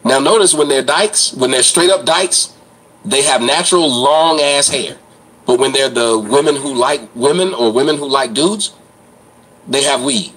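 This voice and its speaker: A man's voice: mid-range voice, unhurried, fairly bright tone, slightly rough, low-quality recording. A man hosting an online commentary show, ranting in a blunt, crude, mocking way.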